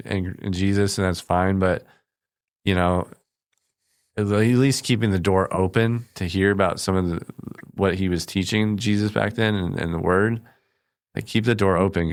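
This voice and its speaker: Veteran guy on a podcast, really low flat voice, halting and earnest, dry sound. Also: dry recording. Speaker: guest, veteran. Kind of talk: casual conversation.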